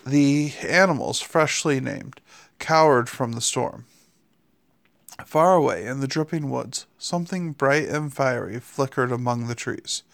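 A man's voice: mid-range voice, measured pace, gravelly, fairly bright tone. A man reading a novel aloud in a plain way, with small slips and restarts. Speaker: reader.

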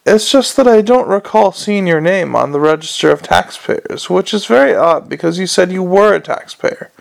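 A man reads as an earnest young watchman in a storybook, raised a little above his own gravelly register. He lays out rules with calm, polite pedantry. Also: high-pitched, moderate pace, pitched above the performer's own voice, heavily acted. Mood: earnestly polite.

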